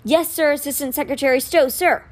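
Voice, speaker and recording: A woman's voice: high voice, a little fast, natural voice. A woman reading aloud, voicing a plain-spoken male army driver who answers respectfully in a storybook. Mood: deferential. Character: deferential male military driver.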